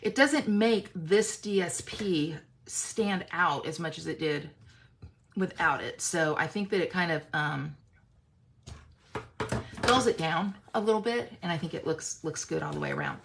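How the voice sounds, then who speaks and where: A woman's voice: sits low, measured pace, vocal fry, a bit bright. A woman hosting a casual craft tutorial, chatty and self-teasing, often checking in with "okay?" as she works.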